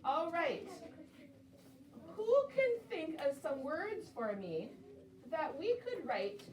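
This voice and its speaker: High-voiced woman teaching a classroom. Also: big pitch swings. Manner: encouraging, sounds out words slowly. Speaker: second-grade teacher. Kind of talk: classroom phonics lesson. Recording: roomy classroom audio from a distance.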